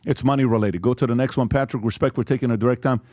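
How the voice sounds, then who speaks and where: A man hosts a podcast in a darkish, medium-pitched voice, rapid-fire and fairly even in intonation. He emphatically discusses social media posts and questions, checking in with "okay?" often, in a dry, studio-quality recording.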